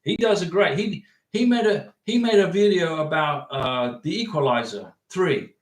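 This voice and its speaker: Fairly high-pitched and animated, this American livestream host talks at normal speed in an echoey room. Giving visa advice, he casually answers viewer comments, rambling on and driving his points home by repeating them.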